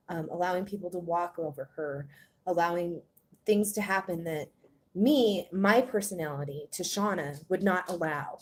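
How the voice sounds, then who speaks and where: Halting woman with a low voice. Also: a little mellow. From Germany. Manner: halting, hesitant, many pauses and ums. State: out of breath. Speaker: vlogger. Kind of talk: personal confessional vlog.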